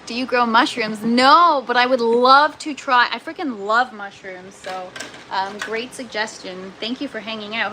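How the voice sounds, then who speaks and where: A woman's voice: fairly high pitch, sharp tone, a little hiss or hum, rough recording. A Canadian woman chatting casually with viewers on a gardening livestream, self-mocking and laughing often, sounding tired. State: tired from lack of sleep. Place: indoor grow tent.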